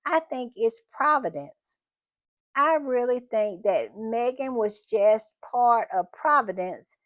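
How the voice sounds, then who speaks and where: Slow, chatty woman host. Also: medium pitch, no room sound, lo-fi sound. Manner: chatty and emphatic, repeating phrases. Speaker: commentary channel host. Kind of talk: casual opinion commentary.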